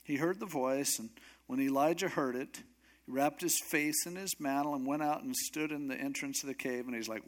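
A man preaching in a relaxed, joking storyteller's manner. His voice sits a little above the usual man's pitch, and he leans into the drama of the story. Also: moderate pace. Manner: conversational, humorous storytelling. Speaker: pastor. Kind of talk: sermon.

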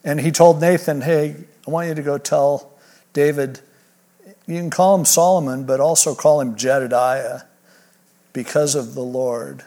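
Male pastor, slightly higher voice, conversational expository preaching with quick asides. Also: fairly even intonation, dark tone. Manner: reads scripture aloud then paraphrases it in casual modern speech; conversational, with restarts. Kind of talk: expository sermon.

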